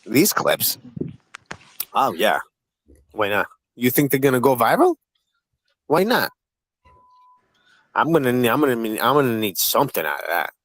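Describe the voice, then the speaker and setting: A man's voice: medium pitch, big pitch swings, moderate pace, a bit bright, dry recording, rough recording. A man hosting a livestream panel, talking in a profane, taunting and combative way. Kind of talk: heated livestream panel chat.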